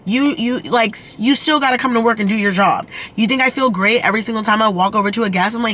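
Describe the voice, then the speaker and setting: A woman's voice: on the high side, fast talker, few pauses, fairly bright tone. A young woman vlogging casually into her phone camera, chatty and blunt, swearing freely. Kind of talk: casual vlog talk to camera.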